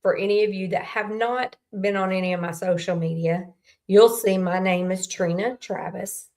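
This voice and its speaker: A woman's voice: medium pitch, normal speed, darkish tone. Folksy woman telling a story. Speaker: host. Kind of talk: casual faith talk.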